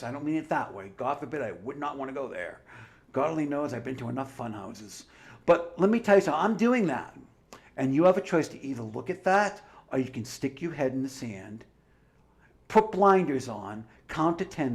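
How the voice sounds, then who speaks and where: A man's voice: medium pitch, big pitch swings, normal speed. A man giving a heated, combative livestream monologue, full of swearing and sarcastic asides. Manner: profane, combative ranting. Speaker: livestream commentator.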